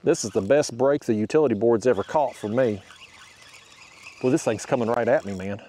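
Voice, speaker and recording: A man, chatting to his viewers in a folksy, excitable way while fishing from a small boat. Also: mid-range voice, brisk, slight background noise. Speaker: fishing vlogger. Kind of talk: casual narration while fishing.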